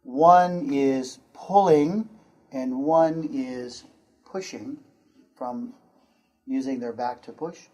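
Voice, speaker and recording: American man, English teacher, very slow, deliberate delivery, repeats words for students, mid-pitched voice. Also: dark tone. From United States. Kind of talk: pronunciation lesson.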